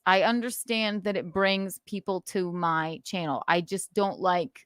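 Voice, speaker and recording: A woman's voice: on the low side, unhurried, few pauses, fairly bright tone, smooth, no room sound, clean studio sound. A woman hosting a casual livestream, talking sarcastically with frequent laughs and reading chat messages aloud. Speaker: livestream host.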